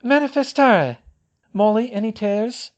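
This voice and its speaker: A man's voice: high voice, unhurried, highs cut off, voice pushed up. A man voicing a clever young witch who gives urgent commands. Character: brisk clever young witch, sharp-tongued under pressure.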